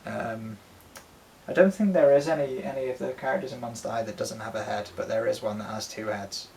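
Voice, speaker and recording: Gravelly man rambling about dolls. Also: mid-range voice, a little fast, darkish tone, slight background noise, rough recording. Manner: rambling, swears freely, many ums. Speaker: doll collector and co-host. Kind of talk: casual chat showing a collection.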